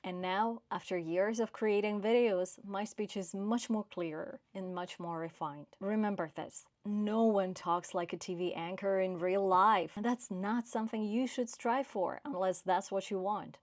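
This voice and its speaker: A woman with a non-native English accent giving career advice to camera in a measured, clear, emphatic way. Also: medium pitch, a little mellow, dry recording. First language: not English. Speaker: career coach.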